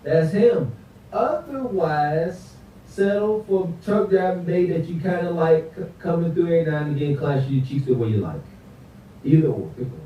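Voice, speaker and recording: A man giving preachy, blunt advice in quick bursts. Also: a little high, mellow. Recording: echoey, distant, muffled, faint noise.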